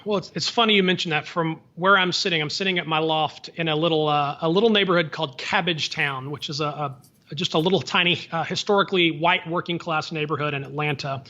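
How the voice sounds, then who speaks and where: A man answering interview questions from his home loft over a remote call, thoughtful and measured. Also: on the high side, pushed and bright, muffled recording. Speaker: podcast guest.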